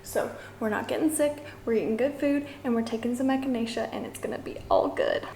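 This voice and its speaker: A woman's voice: on the high side, expressive, a little fast, creaky, noisy background. A young woman vlogging casually to camera about her day, chatty and upbeat, filling her talk with "like", hot and sweaty in a house. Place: house in Bali, indoors. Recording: echoey room with faint ambience.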